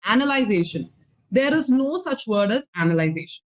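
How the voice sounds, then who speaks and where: High-voiced Indian English teacher, patient. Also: female voice, animated, normal speed. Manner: patient, explanatory, frequent okay checks. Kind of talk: online English conversation lesson. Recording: slightly dull lo-fi audio.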